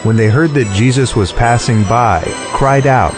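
A man narrating scripture in a steady, clear, formal way. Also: medium pitch, unhurried. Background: music underneath.

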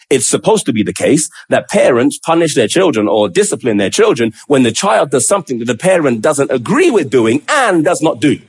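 A high-pitched man preaching a sermon. He voices the prophet's pleading questions with drama, then drops low and slow to stress key words. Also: breathy edge.

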